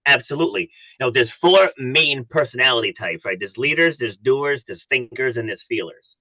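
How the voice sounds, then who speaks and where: A man's voice: mid-range voice, expressive, normal speed, pushed and bright, no echo, low-quality recording. A man who works as a coach, a guest on a podcast, telling stories earnestly and acting out the dialogue in them. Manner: earnest storyteller, acts out dialogue. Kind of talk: casual interview chat.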